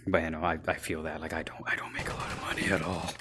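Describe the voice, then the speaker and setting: A man's voice: rumbling low, flat delivery, very fast, noisy background. A man, an author, rambling and joking in casual commentary while he plays a VR game. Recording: game music behind.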